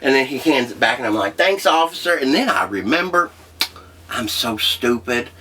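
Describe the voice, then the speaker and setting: An actor playing a crude, rambling trailer park leader who hosts a comedy show, with a profane way of talking. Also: male voice, mid-range voice, animated, normal speed, bright, forceful tone, breathy edge. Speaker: comedy show host character. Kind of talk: scripted comedy monologue.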